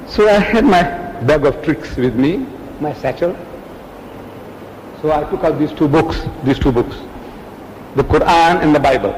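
A male preacher speaks in a fairly high, very lively voice that swoops up and down as he acts out quoted exchanges and throws rhetorical questions at the crowd. He is recorded in a hall with a long echo and a faint ambient hum behind him. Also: moderate pace. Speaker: Islamic preacher. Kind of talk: public religious lecture.

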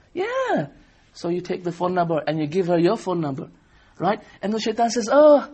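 A man giving an Islamic sermon, animated, acting out little dialogues in his story. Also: high-pitched, a little fast, husky. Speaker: Islamic preacher.

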